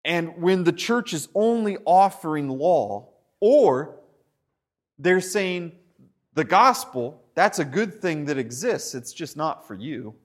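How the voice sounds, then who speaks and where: A man preaching a sermon with animated delivery, stumbling over repeated words and often asking "right?". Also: fairly high pitch, slow. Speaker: pastor.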